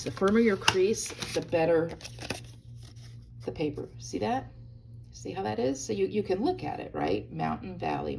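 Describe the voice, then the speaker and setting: A woman's voice: medium pitch, creaky, noisy background. A woman hosting a hands-on crafting tutorial from a hotel room, chatty and bubbly, talking straight to her viewers. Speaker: craft video host.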